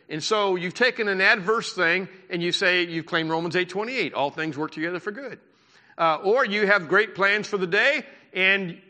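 A man preaching a sermon from a church pulpit, talking to his congregation in a loose, conversational way with the odd laugh. His voice is fairly high and bright, with a pressing edge. The sound carries a long, reverberant hall tail. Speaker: pastor.

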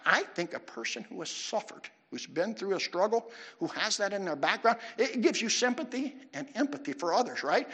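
A male pastor delivers a sermon in a high, lively voice with a slightly husky edge. He swings his pitch widely and keeps asking questions of the congregation. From United States. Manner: animated preaching, questions to the audience.

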